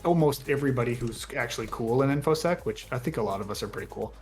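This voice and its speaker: A man co-hosting a casual podcast, talking in relaxed, run-on thoughts. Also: medium pitch, fast talker, faint music behind. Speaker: podcast co-host. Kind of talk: casual chat.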